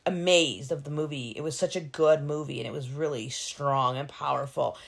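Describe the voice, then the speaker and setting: A woman's voice: sits low, moderate pace, vocal fry. A middle-aged woman co-hosting a podcast, chatting casually and telling stories with lots of acted-out quotes. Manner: animated storyteller who acts out quoted voices. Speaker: podcast co-host. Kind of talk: casual chat.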